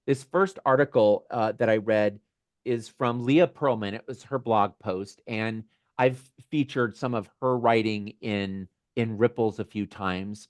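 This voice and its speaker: Gentle musing man on a video call. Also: on the low side, no room sound. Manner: gentle, musing, with small laughs and restarts. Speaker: host of a community video call. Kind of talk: reflective casual talk.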